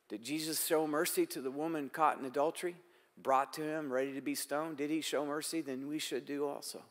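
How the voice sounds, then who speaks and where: A man's voice: on the high side, fairly even intonation, brisk. Older man, pastor, sermon, rhetorical questions, quoting prayers, church sanctuary, long hall reverb.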